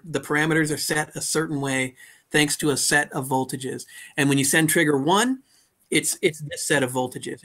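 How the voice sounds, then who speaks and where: A man with a bright, somewhat high voice talks through equipment in an easy, casual way. He stumbles and restarts often, filling gaps with ums. He sounds like he is on a video call. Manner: explains gear with many restarts and fillers. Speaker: co-host. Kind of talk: casual chat.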